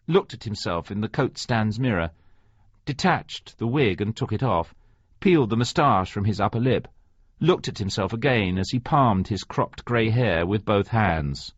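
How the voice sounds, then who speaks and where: A man narrating an audiobook in a slow, deliberate reading. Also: fairly low pitch, breathy edge, no room sound. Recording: dry, slightly muffled recording.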